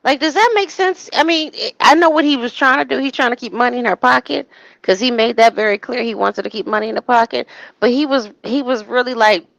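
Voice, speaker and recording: A woman chatting casually in commentary, animated, slipping into quoted voices with frequent restarts. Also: fairly high pitch, brisk, gravelly, dry recording, dull audio.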